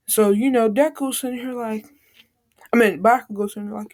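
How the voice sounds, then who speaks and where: A woman's voice: on the high side, a little slow, long pauses, a little mellow. A woman casually retelling a made-up fan story, rambling in slang with constant fillers.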